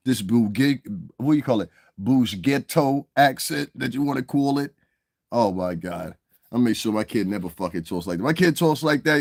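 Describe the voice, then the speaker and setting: Middle-aged man, mid-pitched voice, fiery profane vlog rant, dry close sound. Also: animated, moderate pace, dry recording. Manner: heated, profane, emphatic, repeats "you understand what I'm saying". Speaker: commentary vlogger. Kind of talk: profane ranting commentary.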